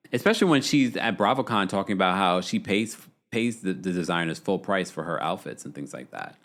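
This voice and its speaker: A man hosting a live-stream reality TV recap, chatting casually and reading out viewer comments. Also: low-pitched. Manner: chatty, animated, reads viewer super chats. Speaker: podcast host.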